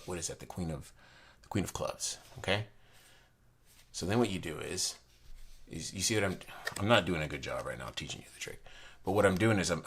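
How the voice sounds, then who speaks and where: A man with a notably deep, low voice, talking casually to camera about playing cards. He rambles and trips over his words, restarting sentences often. His enthusiasm comes in quick bursts. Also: fairly bright tone, breathy edge. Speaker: playing card reviewer. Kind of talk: casual video review.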